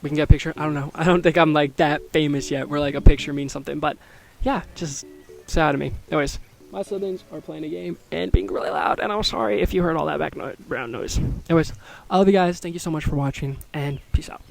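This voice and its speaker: A man's voice: on the high side, fast talker, gravelly. A young man hosting his own podcast, talking in a rambling, chatty and earnest way in a casual solo chat. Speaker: podcast host.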